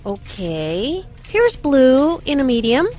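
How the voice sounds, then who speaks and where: A woman's voice: high voice, big pitch swings, slow, a little mellow, full character voice. A woman voicing a polite shop assistant in a scripted learning dialogue. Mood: helpful. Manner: polite, helpful. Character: helpful female shop assistant. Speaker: voice actor in a dialogue.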